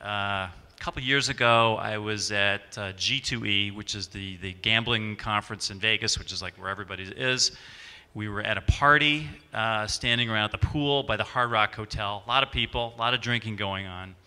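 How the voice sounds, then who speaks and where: A man's voice: lowish voice, moderate pace, pushed and bright, clean tone. A man moderating a conference panel, telling a chatty anecdote and acting out the voices in it. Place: conference stage. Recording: stage panel in a large hall.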